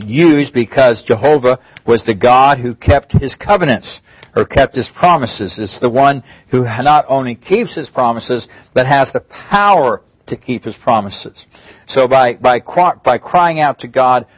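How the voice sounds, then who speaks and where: A pastor with a mid-range voice preaches at a moderate pace, keeping his sermon conversational, restarting phrases and raising his voice on emphatic pleas. The recording has no room sound and comes across dull and muffled.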